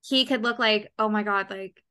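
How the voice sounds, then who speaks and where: Bright bubbly woman hosting. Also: mid-range voice, steady tone, moderate pace, clean tone. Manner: bubbly, upbeat, chatty storytelling. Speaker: podcast host. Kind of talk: casual interview chat.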